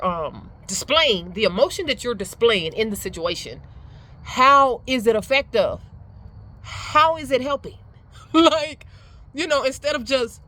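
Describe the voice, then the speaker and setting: Emphatic middle-aged woman giving advice. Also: medium pitch. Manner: animated, emphatic, laughs often. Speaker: speaker sharing life advice. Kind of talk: casual motivational talk.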